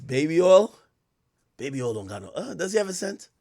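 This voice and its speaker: Animated man streaming live reactions. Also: fairly high pitch, brisk. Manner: animated, loud bursts of laughter and shouting, reads donations. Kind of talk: casual live-stream commentary.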